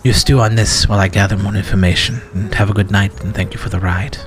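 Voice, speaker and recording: A man voicing an elderly gentleman schemer in a roleplay game, who talks in a slow, measured way with many hesitations. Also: lowish voice, steady tone, music in the background, pitched below the performer's own voice. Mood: conspiratorial. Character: elderly gentleman schemer, calls others "my boy". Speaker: roleplay character. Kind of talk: in-character roleplay dialogue.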